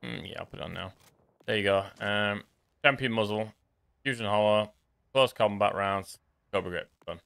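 A man giving casual running commentary while playing a shooter game, muttering to himself and reacting quickly. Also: fairly low pitch, gravelly, a bit bright, clean tone. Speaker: gaming streamer. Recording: faint gunfire under voice.

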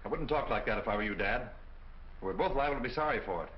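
Young man playing a defiant son, fast lively delivery, muffled 1940s film audio. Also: mid-range voice, lightly acted. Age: young adult. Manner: defiant, quick, emphatic. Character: headstrong young son set on marrying. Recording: dull old film soundtrack.

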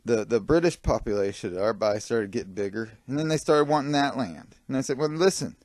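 A man's voice: lowish voice, expressive, fast talker, darkish tone, no room sound. A man giving rambling gameplay commentary, grumbling and drifting off topic while talking to his viewers. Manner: digressive, grumbling, talks to viewers. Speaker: gaming video creator.

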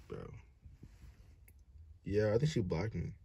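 A young man vlogging a prank, nervous and excitable, drifting from mumbled asides to loud outbursts. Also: low voice, measured pace, husky, muffled recording. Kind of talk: casual vlog narration. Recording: loud music behind the voice.

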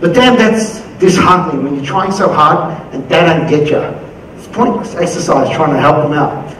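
A middle-aged Australian man giving an energetic motivational conference talk, acting out quoted voices as he goes. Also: fairly high pitch, moderate pace, a little hiss or hum. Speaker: conference keynote speaker. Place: conference hall. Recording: very echoey hall from far off.

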